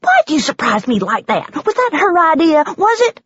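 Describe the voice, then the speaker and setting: A woman's voice: sits high, sing-song, normal speed, a bit bright, no room sound, highs cut off, voice pushed up. A woman voicing a fierce, bitter older American country woman with clipped rural speech. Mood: hostile.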